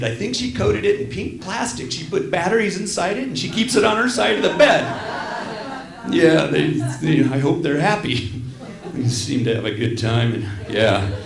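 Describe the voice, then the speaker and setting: A middle-aged stand-up comedian with a gravelly, higher-than-average voice performs a set on a small theater stage. He's self-deprecating and rambling, frequently breaking off to apologize, and the sound is roomy and live.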